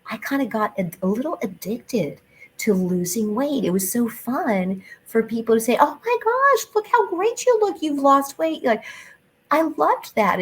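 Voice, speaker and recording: A middle-aged woman hosting her own podcast, talking chattily with animated emphasis and playful asides. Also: medium pitch, slightly rough, rough recording. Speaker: podcast host. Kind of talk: solo podcast talk.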